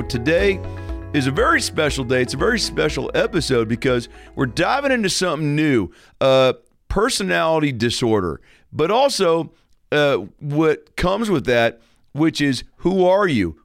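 A brash TV doctor talk show host, as a man impersonates him, talks in a raised, gravelly voice. He rambles crudely and leers at his guest in an improvised comedy sketch, with faint music underneath. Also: fairly high pitch, very animated, moderate pace. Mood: pompous.

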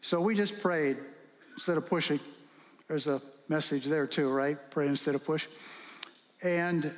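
A man's voice: a little high, unhurried. A male pastor preaching a sermon, telling stories animatedly and firing rhetorical questions. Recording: long reverb in a hall.

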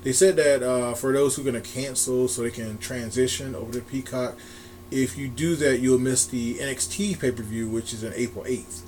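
A man's voice: mid-range voice, steady tone, moderate pace, darkish tone. A man talks wrestling news in a loose, rambling way, circling back and restarting his sentences as he goes. He laughs easily, and a faint hum sits behind his voice. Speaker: podcast co-host. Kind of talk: casual wrestling chat.

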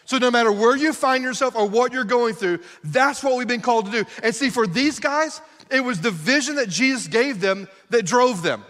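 A middle-aged man preaching a sermon with a strikingly high, bright voice. He leans on rhetorical questions and emphatic repetition, and his words ring out with a long reverb in a church hall. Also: lively intonation, normal speed, hardly any pauses. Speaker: pastor. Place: church sanctuary.

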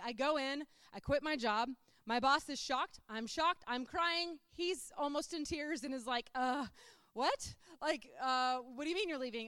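A middle-aged woman giving a chatty, animated sermon-style testimony, full of "like". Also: high-pitched, no echo, clean studio sound.

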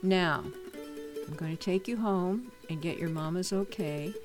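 Picture a gruff, commanding grown man, stern but kind underneath, as a woman reader puts him on in a storybook. His voice sits on the low side against a soft bed of music. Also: a little slow, lightly acted. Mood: gentle.

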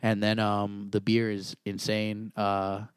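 A man's voice: fairly low pitch, monotone, takes it slowly, clean tone, no echo. A young man telling rambling stories in casual chat as a podcast co-host, full of likes and fillers.

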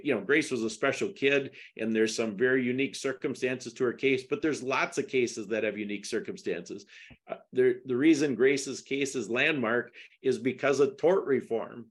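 A middle-aged man talking through a legal case in a casual interview, emphatic and turning to indignant questions. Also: mid-range voice. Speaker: podcast guest discussing a lawsuit.

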